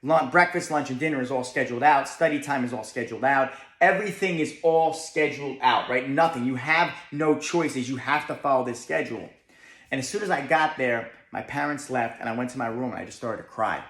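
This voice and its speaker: This motivational speaker is a young man with a New Jersey accent, talking briskly in a medium-pitched, slightly bright voice. He is emphatic and keeps asking "right?", and the room echoes.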